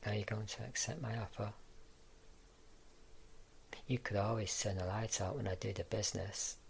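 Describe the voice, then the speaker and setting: A man's voice: fairly low pitch, steady tone, normal speed, gravelly, slight background noise. A man voicing a crude, sarcastic male sideshow freak in whispered role-play. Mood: pushy. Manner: sarcastic, blunt.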